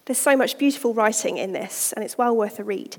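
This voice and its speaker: Gentle high woman, devotional talk. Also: in a large hall. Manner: gentle, slows down for quoted scripture, drops to a near whisper when earnest. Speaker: women's ministry speaker.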